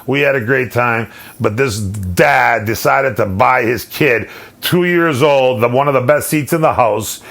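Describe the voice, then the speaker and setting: A male host delivering a solo rant as an animated, profane story. His voice has a gravelly edge at a middle pitch. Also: unhurried. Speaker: podcast host.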